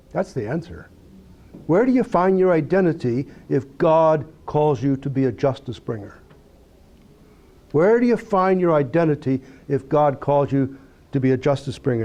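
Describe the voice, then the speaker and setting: Animated male Bible teacher. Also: on the high side. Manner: conversational, asks rhetorical questions; animated, reads scripture aloud. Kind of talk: Bible study lecture.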